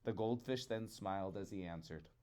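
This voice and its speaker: A man reading a fairy tale aloud to children in a rhythmic, expressive way. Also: on the low side, normal speed. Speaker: storyteller.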